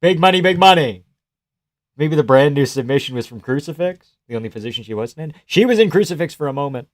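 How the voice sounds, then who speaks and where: A man's voice: a little high, lively intonation, fast. A man live-streaming casual commentary while watching fights, blunt, sarcastic and swearing freely.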